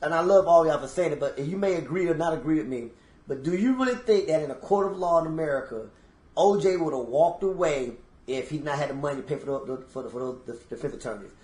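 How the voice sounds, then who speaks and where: A man co-hosting a podcast, telling stories with emphasis and speaking straight to his listeners. His voice sits a little high, and the room gives it a noticeable echo. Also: lively intonation, fast talker, darkish tone. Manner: emphatic storyteller, addresses listeners as y'all. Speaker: podcast co-host. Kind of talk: casual chat.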